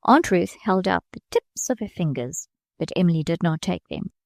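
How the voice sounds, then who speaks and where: A woman narrating a classic novel as an audiobook, reading in a measured way and lifting her voice slightly for the characters' lines. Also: lively intonation, vocal fry, dry recording, clean studio sound. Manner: measured reading, small lifts of pitch for quoted characters.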